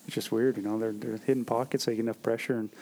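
A man co-hosting a podcast, talking in a quick, easygoing way. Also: fairly low pitch, level tone, mellow. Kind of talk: casual chat.

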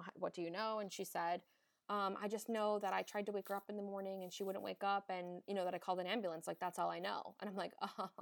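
A young woman, an emergency nurse hosting a podcast, talks in a frank, emphatic way and swears freely. Her voice sits at a middle pitch for a woman, and the recording is dry and close. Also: creaky, no echo. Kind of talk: candid casual chat.

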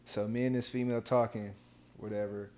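A man's voice: fairly low pitch, fairly quick. Laid-back young man telling a story. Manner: relaxed storytelling, heavy slang. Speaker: podcast co-host. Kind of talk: casual podcast chat.

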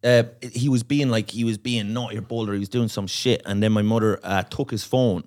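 A man's voice: fairly low pitch, fairly even intonation, brisk, a little mellow. A man telling a long, profane story on a comedy podcast, acting out the voices of the people in it. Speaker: comedian guest.

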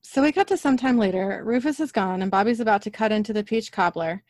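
A woman's voice: medium pitch, fast, darkish tone, dry recording, studio quality. A woman co-hosting a podcast who chats casually and reads scene lines aloud with small laughs while recapping an episode. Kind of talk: casual chat and plot recap.

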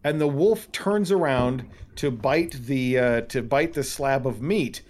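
A man narrating as game master of a tabletop role-playing game, telling the scene vividly with sudden jumps in pitch. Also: measured pace, darkish tone.

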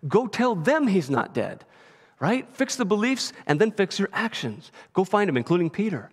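A man preaching in a church, his fairly high voice ringing out with a long hall reverb. He keeps the sermon conversational and often checks in with his listeners by asking "right?". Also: very animated, normal speed. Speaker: pastor.

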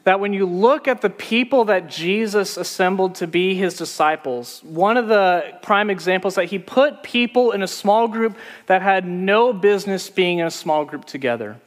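A man's voice: sits high, animated, normal speed, hardly any pauses, big-room sound. A man preaching a sermon as pastor, telling stories in a conversational way.

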